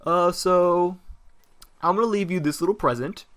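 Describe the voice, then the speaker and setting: A man's voice: high voice, moderate pace, a bit bright, pitched above the performer's own voice. Teen guy doing a chummy clown mascot. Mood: friendly. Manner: chummy, talks as if to a small child. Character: cheerful male clown mascot, talking down to a teen.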